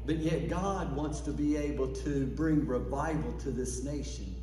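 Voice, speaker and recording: A man's voice: mid-range voice, a little slow, crowd noise. A man preaching a sermon as pastor, fervent, calling out to the congregation for responses. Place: church sanctuary. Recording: echoey church from far off.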